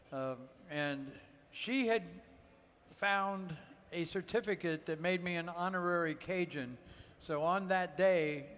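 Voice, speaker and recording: A man's voice: fairly high pitch, a bit bright, in a large hall. A man from Ohio, a guest chef, telling rambling, folksy stories with lots of fillers during a live cooking demo on a festival stage.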